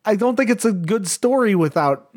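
Young male co-host, light high voice, profane and excitable. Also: normal speed. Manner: profane, enthusiastic, acts out game dialogue. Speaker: podcast co-host. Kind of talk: casual chat.

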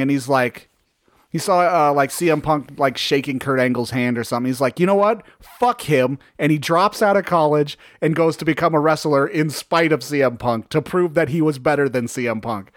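A man's voice: fairly high pitch, a little fast, no room sound, studio quality. A man in casual chat, retelling a story with lots of swearing and acting out the quotes. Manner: profane, animated storytelling, acts out quotes.

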